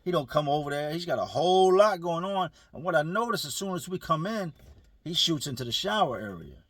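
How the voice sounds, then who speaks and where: A man's voice: fairly high pitch, lively intonation, brisk, a bit bright, slightly rough, no room sound. A man telling a prison story casually to viewers, using street slang and speaking to them directly.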